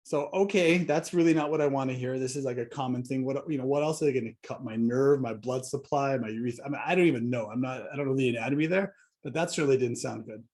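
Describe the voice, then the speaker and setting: A middle-aged man tells a story from his own life in a loose, casual way. His voice sits at an ordinary middle pitch, and his tone is wry and fed up, with dry sarcasm slipped in along the way. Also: fast, darkish tone. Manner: wry and exasperated, with sarcastic asides. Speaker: vlogger.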